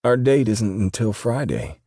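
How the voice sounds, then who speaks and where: A man voicing a groggy, injured young man who croaks in a hoarse voice and bursts out flustered. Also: low-pitched, measured pace, darkish tone, dry recording, studio quality, voice pushed up.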